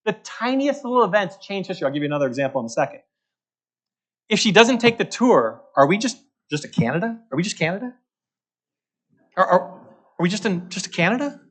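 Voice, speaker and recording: A man's voice: sits high, very animated, fairly quick, pauses often. A man gives a luncheon talk as a market strategist, repeating his key points and checking in with the audience by asking "okay?". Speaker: guest speaker, market strategist.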